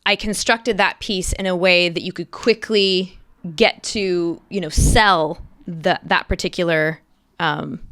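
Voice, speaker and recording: Bright, crisp-voiced actress telling stories. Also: female voice, fairly low pitch, measured pace, no room sound, studio quality. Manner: animated storyteller, quotes others in lively bursts. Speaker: interview guest, actress. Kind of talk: casual interview chat.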